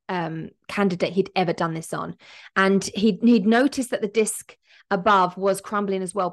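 A young woman hosting a podcast, telling her personal story in a candid, emotional way and acting out the quotes. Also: fairly low pitch. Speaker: podcast host.

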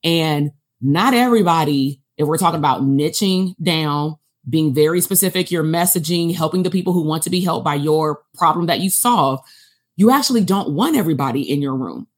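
A woman's voice: low-pitched, animated, normal speed. A woman hosting a podcast, chatting and coaching in a casual interview. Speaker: podcast host.

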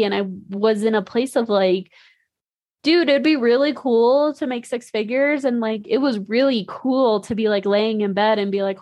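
A woman's voice: a little high, normal speed, a little mellow, no room sound. A young woman hosting a podcast, talking candidly in a rambling way, with lots of "like" fillers and casual swearing. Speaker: podcast host. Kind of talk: casual monologue.

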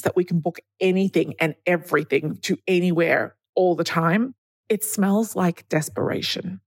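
A woman's voice: lowish voice, husky, dry recording. A woman hosting a solo podcast, talking in a chatty, candid way and acting out the people she quotes. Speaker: podcast host.

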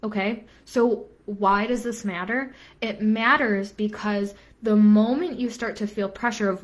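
A woman's voice: mid-range voice, fairly even intonation, a little slow, few pauses. A young adult woman business coach giving an earnest live-stream talk, repeating phrases for emphasis and dropping casual asides.

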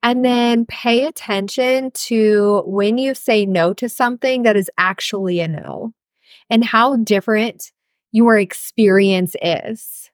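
A woman's voice: a little high, slow pace, no room sound, clean studio sound. Chatty, frank woman podcaster. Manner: chatty, frank, cusses freely. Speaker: podcast host and healer coach. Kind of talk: casual solo podcast talk.

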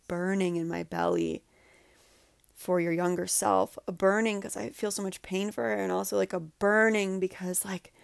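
Female podcast host, earnest and heartfelt, slightly low gravelly voice, dry close sound. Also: no echo. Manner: earnest, heartfelt, says "like" often; drops to soft, breathy guidance during a breathing exercise. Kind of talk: emotional solo podcast talk.

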